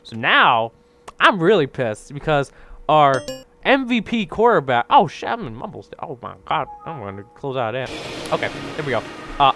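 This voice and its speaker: A man's voice: a little high, a bit bright. A young man ranting casually while playing a game, rambling, exasperated and constantly asking "right?". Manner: exasperated griping. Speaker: gaming video creator. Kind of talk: casual rant over gameplay commentary.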